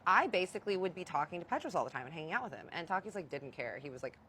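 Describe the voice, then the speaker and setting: A young woman recounts her own story in a low-pitched, confiding voice. She is blunt and swears casually, as if speaking straight to friends. A faint ambient hum sits under her voice. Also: big pitch swings, very fast, fairly bright tone. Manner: candid, profane, confiding. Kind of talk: storytime vlog.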